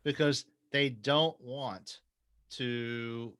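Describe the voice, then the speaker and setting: A middle-aged man in casual chat who tells stories with energy, swears freely and jumps up in pitch when he quotes people. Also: very slow, clean tone. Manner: animated storyteller, swears freely, jumps to high pitch when quoting others.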